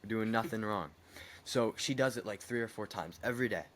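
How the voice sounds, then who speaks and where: A young man chatting on a podcast, telling a story in a heated, animated way with some swearing. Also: lowish voice, brisk. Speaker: podcast co-host. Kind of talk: casual podcast chat.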